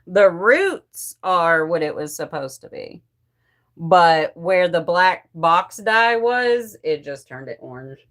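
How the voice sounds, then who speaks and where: A woman's voice: lowish voice, lively intonation, takes it slowly, a bit bright. A young woman vlogging in a casual, confessional way, candid and unfiltered, swearing freely.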